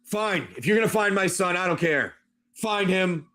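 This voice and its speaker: A man's voice: high-pitched, expressive, moderate pace, pushed and bright, pitched above the performer's own voice. A man voicing a ghoulish male priest who is pompous and desperate to find his lost son. He is bossy and pleading. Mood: haughty.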